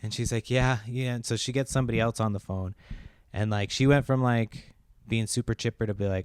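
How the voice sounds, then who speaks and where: A low-voiced man hosts his podcast, rambling through a frustrated story with plenty of swearing. The recording is dry and close, with no room sound. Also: fairly even intonation, brisk, clear, resonant tone, dry recording. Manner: profane, exasperated storytelling. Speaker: podcast host. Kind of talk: casual rambling monologue.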